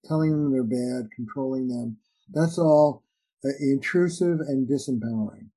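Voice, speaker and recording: A man's voice: mid-range voice, breathy edge, rough recording. A man, a relationship therapist and author, explaining his ideas in conversation and acting out little dialogues. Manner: animated, acts out little dialogues with shifting voices. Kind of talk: conversational interview answers.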